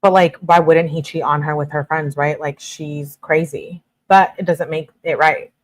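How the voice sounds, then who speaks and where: A woman's voice: low-pitched, moderate pace. A young woman reading text messages aloud and adding her own shocked commentary, like a true crime commentator. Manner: reads messages flatly, reacts with shocked asides.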